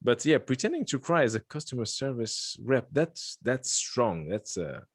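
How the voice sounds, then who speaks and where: A man's voice: medium pitch, sing-song, moderate pace, no room sound, clean studio sound. A man from Lithuania hosting a podcast, chatting casually and joking, rambling with frequent restarts. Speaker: podcast host. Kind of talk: casual chat.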